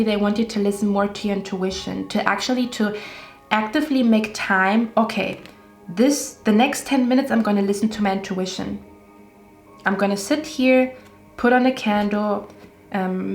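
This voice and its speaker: A woman's voice: mid-range voice, darkish tone. A woman giving a casual tarot reading, chatty and reassuring, often checking in with "okay?". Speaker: tarot reader. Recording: roomy echo with faint music.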